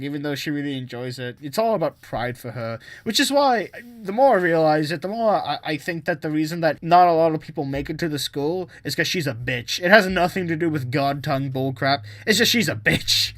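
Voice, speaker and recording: A man's voice: fairly high pitch, lively intonation, brisk, few pauses, a bit bright, no echo. A man hosting an anime reaction video, recapping an episode in a rambling, profane, joking way. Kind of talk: casual recap and commentary.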